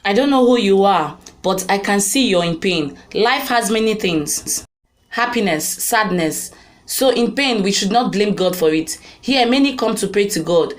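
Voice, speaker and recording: A woman reading the lines of a kind queen consoling a stranger, slowly and soothingly. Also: mid-range voice, lively intonation, lightly acted.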